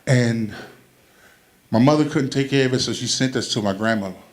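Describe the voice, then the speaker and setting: A man performing stand-up comedy into a handheld stage mic. He tells family stories in an easy, conversational way. He turns animated and loud when he acts out the punchlines. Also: medium pitch, brisk. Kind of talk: stand-up storytelling.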